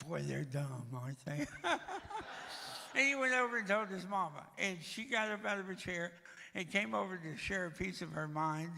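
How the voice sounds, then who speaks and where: A man's voice: high voice, gravelly, pushed and bright, big-room sound. An older man giving a storytelling talk at a church, with a dry, joking manner. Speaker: guest speaker.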